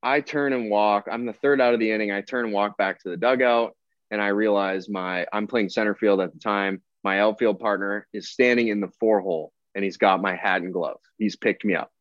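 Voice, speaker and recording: Brisk and low-voiced, this young pro baseball player spins a casual tale as a podcast guest, with no room sound around him. He's loose and talkative, acting out each person and quoting their words on a dry, muffled, lo-fi recording.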